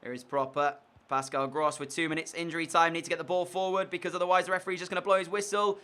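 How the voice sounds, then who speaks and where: Excitable young gaming commentator. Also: male voice, on the high side, fast. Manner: swings from frustrated muttering to shouted excitement. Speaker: gaming YouTuber. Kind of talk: game commentary.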